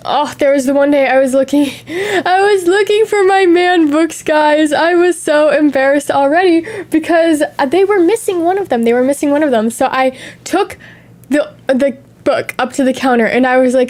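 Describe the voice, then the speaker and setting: A young woman streamer in casual chat, telling stories in a chatty, animated way with gasps and laughs. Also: high-pitched, moderate pace. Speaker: VTuber streamer.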